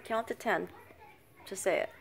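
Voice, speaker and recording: An older woman, a grandmother babysitting, softly narrating a home video in an upstairs family room, often dropping to a whisper and coaxing the little ones. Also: mid-range voice, measured pace, gravelly, very noisy. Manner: soft-spoken, often hushed to a whisper; coaxing, praising grandmotherly baby talk. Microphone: handheld phone camera.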